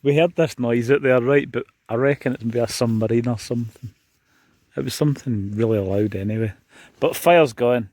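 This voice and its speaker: This man from Scotland, with a Scottish accent, vlogs casually from a beach where he's wild camping, chatting to viewers as guys. He speaks at normal speed in a mid-range voice with a darkish tone, and there's no echo.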